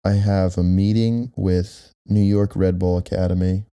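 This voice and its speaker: A young man co-hosting a home podcast, his voice very low and gravelly with a dark tone. He rambles with plenty of fillers and pokes fun at himself. He sits close on a directional mic. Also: fairly even intonation, unhurried, no echo. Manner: rambling, self-deprecating, many fillers. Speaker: podcast co-host. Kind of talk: casual chat.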